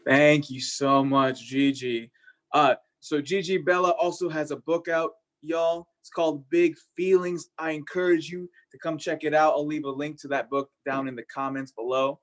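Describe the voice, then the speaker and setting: A man's voice: on the high side, fairly even intonation, normal speed. Upbeat male host of an online poetry show. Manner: upbeat and friendly. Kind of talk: casual emcee chat. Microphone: video call.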